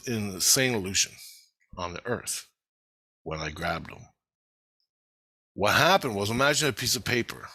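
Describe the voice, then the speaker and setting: A man's voice: fairly low pitch, pushed and bright, no room sound. Man telling a rambling, profane story. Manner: heavy swearing, rambling storytelling. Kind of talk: casual monologue video.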